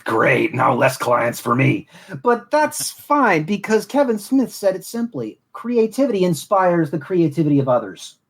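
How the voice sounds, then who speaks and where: Husky man with grand, formal delivery. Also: high-pitched, big pitch swings. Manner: grandiose, formal, slow and deliberate. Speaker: podcast host reading his own script. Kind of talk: solemn scripted monologue, then casual chat.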